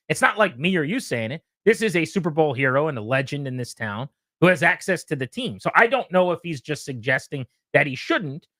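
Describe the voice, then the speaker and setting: A man hosts a sports talk radio show, leaning hard on key words as he tells his stories. His pitch sits a bit high and swings widely. The studio sound is dry and close. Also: dry recording. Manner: emphatic, animated storyteller.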